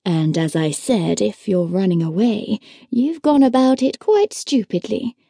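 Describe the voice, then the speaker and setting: A woman's voice: mid-range voice, animated, unhurried, gravelly, mellow, husky, dry recording, full character voice. A woman narrator voicing a dry, teasing young male curate in an audiobook. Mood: wry. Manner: dry, teasing, matter-of-fact. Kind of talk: audiobook character voice.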